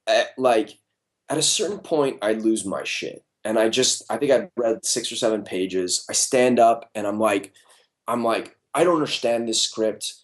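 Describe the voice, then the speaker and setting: A man being interviewed, telling an animated, casual anecdote full of fillers and swearing. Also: fairly low pitch, unhurried. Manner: animated storyteller, fillers and profanity. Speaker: comic book artist interviewee.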